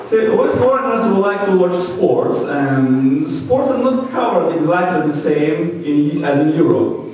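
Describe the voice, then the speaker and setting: A man's voice: on the high side, background noise. Russian-accented man doing stand-up, echoey club. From former Soviet Union. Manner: deadpan, quick, heavily accented storytelling. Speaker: stand-up comedian. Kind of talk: stand-up comedy. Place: comedy club stage. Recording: echoey club sound from a distant mic with crowd.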